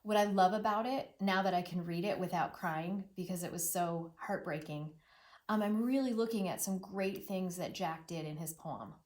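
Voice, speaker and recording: Reading a children's novel aloud as a lesson, this middle-aged woman teacher has a fairly low voice and a normal speed. She's expressive, repeating words rhythmically and dropping to a hushed near-whisper at the sad parts.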